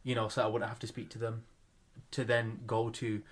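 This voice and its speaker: A young man chatting casually as a podcast co-host, self-mocking and quick to laugh. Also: on the low side, level tone.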